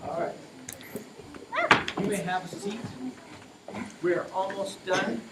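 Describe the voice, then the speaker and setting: Guy running the kids ministry team, bit high voice, chatty and casual, keeps saying all right. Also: extremely slow, very noisy. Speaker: children's ministry leader. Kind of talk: informal talk to church volunteers.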